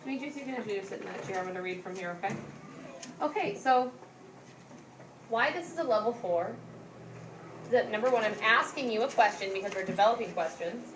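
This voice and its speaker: A woman teaching a class and reading a children's story aloud, voicing the characters with lively lifts. She is picked up from across an echoey classroom, with a faint hum of room noise behind her. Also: medium pitch, fairly quick, pauses often, far from the mic. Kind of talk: classroom lesson with read-aloud.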